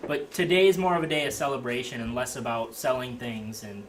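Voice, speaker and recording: A man's voice: mid-range voice, brisk. A man narrating as game master of a tabletop game, casual and hesitant with fillers. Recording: noisy home recording.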